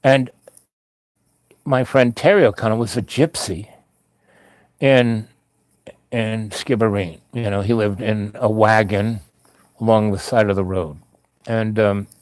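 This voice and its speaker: A man's voice: lowish voice, no echo. A man casually telling a long personal story, meandering with many asides and restarts.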